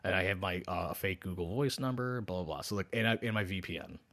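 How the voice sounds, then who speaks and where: A man with a fairly low voice tells a long story in loose podcast chat. He swears constantly and jumps between his own lines and the other person's replies, with plenty of laughs and restarts. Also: fast. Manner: animated, profane, acts out both sides of chats. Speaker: podcast co-host.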